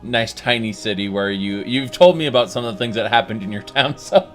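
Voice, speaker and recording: Bright-voiced man rambling on a stream. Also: medium pitch, fairly quick, faint music behind. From Colorado. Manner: rambling, swears casually, many fillers. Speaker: stream host. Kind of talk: casual chat.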